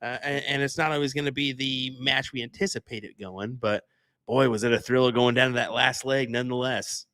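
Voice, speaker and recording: A young man co-commentating on darts in a casual, measured and analytical way, with frequent fillers. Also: medium pitch, fairly even intonation, a bit bright, no echo, studio quality.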